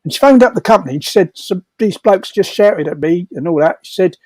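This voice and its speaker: An older man spins a rambling story, breaking into laughter and restarting his sentences. His voice sits high for a man, and the sound is dry and close. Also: lively intonation, brisk, mellow, no echo. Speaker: storyteller at a comedy fundraiser. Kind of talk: casual anecdotal storytelling.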